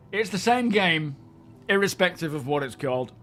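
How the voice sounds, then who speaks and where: A man's voice: sits high, a bit bright. A man hosting a live stream, chatting casually and greeting viewers as he rambles.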